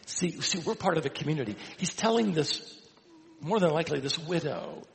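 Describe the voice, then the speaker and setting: A man's voice: fairly high pitch, animated, normal speed, creaky, big-room sound, rough recording. A man pastor preaching a sermon, driving his points home with emphatic repetition and light asides. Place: church sanctuary.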